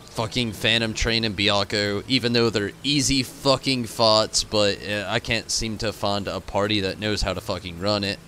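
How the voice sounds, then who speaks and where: A man's voice: fairly low pitch, sharp tone, slight background noise. A tired, frustrated man signing off his stream, rambling and swearing as he thanks his chat. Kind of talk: casual stream sign-off to chat.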